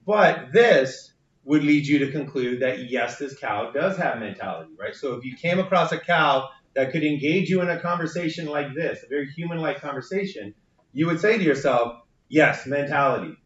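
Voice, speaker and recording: A male university instructor lectures patiently, explaining ideas and often tagging "right?" to check in with his class. His fairly high voice is animated at a moderate pace. Recorded from far off in a reverberant classroom, he sounds dull and slightly muffled.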